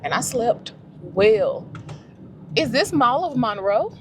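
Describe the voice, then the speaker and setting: A woman's voice: fairly high pitch, sing-song, slow pace, noisy background. A woman chatting to her camera while she drives, talking to herself and laughing easily. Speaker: vlogger. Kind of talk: casual vlog chat. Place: in a car, driving.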